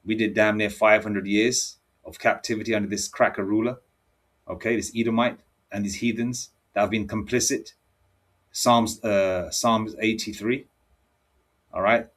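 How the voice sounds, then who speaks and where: A religious teacher with a fairly low, steady, slightly bright voice reads scripture aloud and preaches in anger at a moderate pace. He sounds combative and keeps tossing in "all right?" and "okay?".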